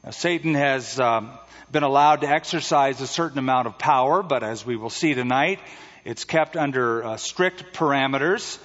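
Pastor preaching in an echoey church. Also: male voice, medium pitch, a bit bright. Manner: earnest, measured preaching with pauses. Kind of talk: sermon. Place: church sanctuary. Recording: dull, reverberant church recording.

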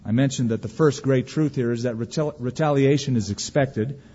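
Male pastor preaching, folksy and jokey, husky mellow voice, big echoey church sound. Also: mid-range voice, highs cut off. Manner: folksy, humorous preaching with dramatic pauses. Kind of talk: sermon.

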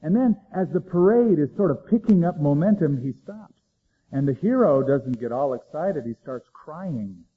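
A man preaching a sermon, dramatic, swinging between loud emphasis and hushed low lines. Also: lively intonation, moderate pace, husky, narrow, tinny audio. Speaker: pastor.

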